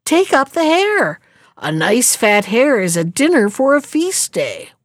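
A woman's voice: on the high side, unhurried, no room sound. A woman voicing a foolish, impatient old peasant wife who scolds her husband. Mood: scolding. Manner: sharp, scolding, easily excited.

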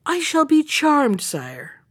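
A woman's voice: sits high, huge pitch swings, slow pace, a bit bright, voice pushed up, exaggerated voice. A woman reading the lines of a bold young prince in a fairy tale, confident and courteous.

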